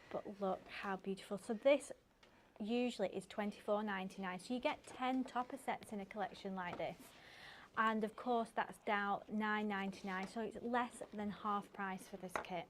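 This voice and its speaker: A woman's voice: mid-range voice, fairly even intonation, normal speed, a little hiss or hum. A woman presenting craft deals on shopping TV, gushing and upbeat. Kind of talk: enthusiastic sales chat. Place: TV craft studio.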